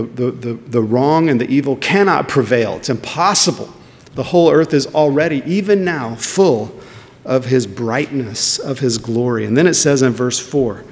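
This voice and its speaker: Guy preaching a sermon, gravelly voice, big echoey hall, keeps asking questions and answering them. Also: medium pitch. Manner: emphatic, rhetorical questions, repeats words when searching. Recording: long hall reverb.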